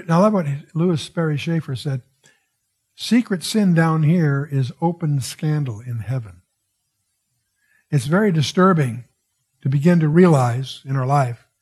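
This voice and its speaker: A man teaches through a Bible passage, his voice husky and pitched a little high. He muses as he goes, drifting into asides and circling back with restarts. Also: a little mellow. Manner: digressive, musing, frequent wows and restarts.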